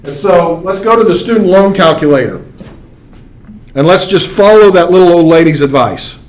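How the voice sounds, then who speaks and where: High-pitched and lively in his intonation, an Arkansas man in his forties speaks at a normal speed as he lectures college students conversationally and asks them questions. The sound is echoey and recorded from a distance in the classroom.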